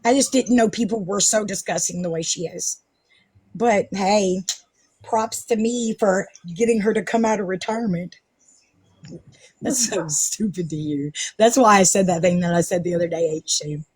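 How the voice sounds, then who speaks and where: A woman's voice: mid-range voice, normal speed, darkish tone, slightly rough, no room sound. A woman hosting a casual live stream, ranting defensively and sarcastically, swearing often. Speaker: livestream host.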